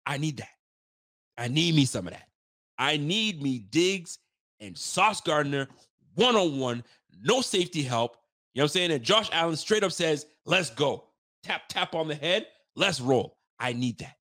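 Animated, foul-mouthed sports talk man. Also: normal speed. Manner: animated, profane trash talk; pitch swings up when fired up. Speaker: sports talk show host. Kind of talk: casual sports talk livestream.

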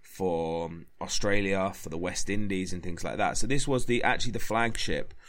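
A man's voice: deep voice, moderate pace, a bit bright. A man, a historian, talking casually about history, with lots of fillers and restarts. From England. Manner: rambling, many fillers and restarts.

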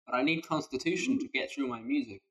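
A man's voice: a little high, sing-song, quick pace, fairly bright tone, slightly rough, rough recording. A man playing a bard in a tabletop game with friends, joking and swearing. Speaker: player. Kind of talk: casual tabletop game chat.

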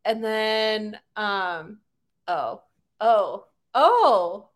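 A woman's voice: fairly high pitch, animated, moderate pace, a bit bright. A young woman co-hosting a casual movie chat, rambling with many fillers and bursts of laughter. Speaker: podcast co-host.

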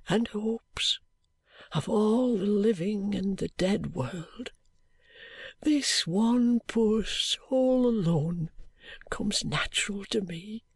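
A reader voicing a broken old man near death, speaking slow and hushed with breaths slipping into whispers. The reading lifts a little higher than the narration and stays dry and close, with no room around it. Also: husky, no room sound, heavily acted. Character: worn-out, dying old male litigant. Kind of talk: audiobook character reading.

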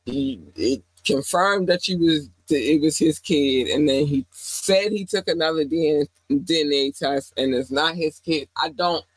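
A husky-voiced woman hosts a podcast of casual celebrity gossip. She speaks bluntly and profanely and keeps checking in with her listeners. The sound is dry and close. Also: low-pitched, dry recording, low-quality recording. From Baltimore. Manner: blunt, profane, keeps asking "you feel me". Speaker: podcast host.

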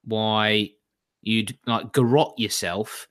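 Bright-toned man musing dryly. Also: on the low side, fairly even intonation, slow. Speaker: podcast co-host. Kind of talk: casual chat.

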